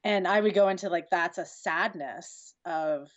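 A woman in her forties, a sex educator answering interview questions in an animated, breathy way and laughing easily. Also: on the low side, a little slow. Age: 40s.

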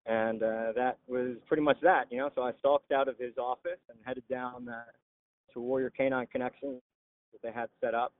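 A veteran telling his story in an interview, halting with frequent "uh" pauses. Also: mid-range voice, level tone. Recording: tinny phone-like line.

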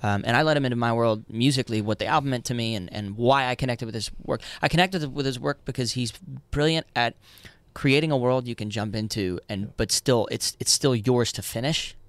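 A man's voice: mid-range voice, a little fast, few pauses, no echo. A man in his thirties, a musician guest in a casual interview, talking earnestly with many restarts and easy laughs.

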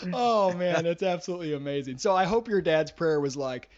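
A man's voice: fairly high pitch, a little fast. A man co-hosting a casual podcast chat, telling stories and slipping into mocking voices. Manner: animated storyteller, puts on mocking voices. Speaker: podcast co-host. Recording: dull lo-fi sound.

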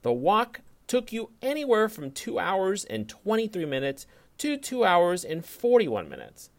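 This is a man co-hosting a podcast who delivers a prepared fact-check segment. He teases and needles his friends with sarcasm. His pitch moves around a lot as he reads. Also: huge pitch swings, measured pace. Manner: teasing, sarcastic. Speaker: podcast co-host.

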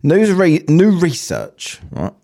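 A man's voice: fairly high pitch, wildly swooping pitch, slow pace, creaky, mellow. A man hosting a podcast, reading out a news article and chatting casually with plenty of swearing and banter. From England. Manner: sweary, banter-filled, laughs at his own jokes. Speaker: podcast host.

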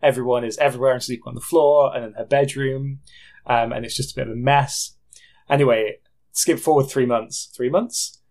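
A man's voice: mid-range voice, fairly even intonation, moderate pace, darkish tone. Rambling man recapping a film. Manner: rambling, self-correcting, laughs at himself. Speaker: podcast co-host. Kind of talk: casual film review chat.

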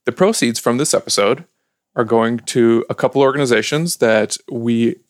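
A man's voice: medium pitch, normal speed, no room sound, clean studio sound. A man from Ukraine hosting a casual podcast, upbeat and chatty, laughing easily. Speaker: podcast host.

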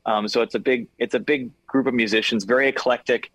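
A man's voice: mid-range voice, fairly even intonation, fast, a bit bright, dry recording, poor audio. A man from Los Angeles, a singer and actor being interviewed over a video call, talking casually with many fillers and restarts.

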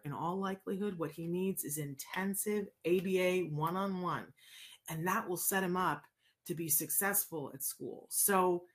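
Lively, chatty woman with a lowish voice. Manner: animated, conversational, says "right?" often. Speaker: host answering viewer questions. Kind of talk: casual live advice chat.

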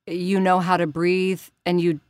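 Animated middle-aged woman voice actor. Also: lowish voice, a little slow, dry recording. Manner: animated, breaks into sung and character voices. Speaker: voice actor and voice director. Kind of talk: casual interview chat.

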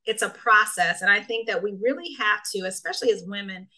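A woman speaking with a bright, forceful tone, a coach and speaker chatting casually. She leans on key phrases and repeats them to drive them home. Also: mid-range voice, lively intonation, a little fast, low-quality recording. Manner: emphatic, repeats phrases for effect. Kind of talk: casual conversation.

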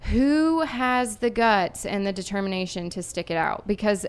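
A woman's voice: medium pitch, lively intonation, normal speed, clear, resonant tone. A woman from Erie, Pennsylvania, a singer-songwriter guest talking casually in a podcast interview, chatty and earnest with lots of fillers.

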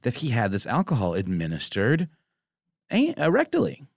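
A man co-hosting a casual podcast chat, joking and excitable, jumping up in pitch when something delights him. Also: normal speed, creaky, dry recording, clean studio sound. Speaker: podcast co-host.

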